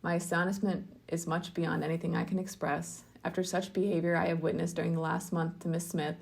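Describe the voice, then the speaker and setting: A woman reading the part of a proud, indignant young lady from a classic novel, in a crisp, formal manner. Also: on the low side, level tone, fairly quick, darkish tone.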